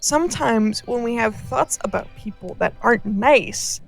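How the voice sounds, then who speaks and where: Young woman gamer, kinda high voice, swears a ton while telling stories, little game music behind. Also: moderate pace, gravelly. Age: 20s. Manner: profane, animated, acts out quoted voices. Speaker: gaming channel co-host. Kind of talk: casual storytelling chat.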